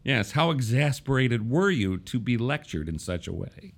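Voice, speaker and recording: A man's voice: mid-range voice, big pitch swings, moderate pace. A man hosting a casual political talk show, wry and conversational, often restarting his sentences. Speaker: podcast host.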